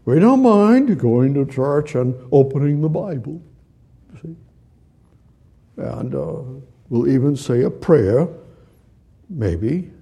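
A man's voice: on the high side, big pitch swings, takes it slowly, vocal fry, long pauses, mellow, breathy edge. A man preaching a sermon, reading scripture aloud, repeating phrases and putting questions to his listeners. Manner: repetitive, asks the audience questions and reads scripture aloud; gestures with hands while teaching.

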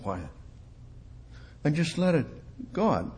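A man giving an informal sermon in a folksy, repetitive way, often dropping to a hush. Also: mid-range voice, expressive, unhurried. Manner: repetitive, folksy, drops to hushed tones. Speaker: preacher.

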